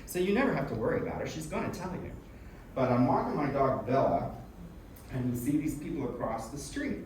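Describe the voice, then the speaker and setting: A man telling a personal story to a live audience in an animated, self-mocking and frank way, swearing freely. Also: medium pitch, fairly quick. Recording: echoey room from a distant mic with background noise.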